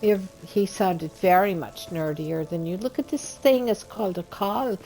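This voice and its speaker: A woman's voice: medium pitch, normal speed, warm tone. A woman playing a game and chatting casually, playful and teasing, with faint game music behind. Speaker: streamer and co-player. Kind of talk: casual gaming chat.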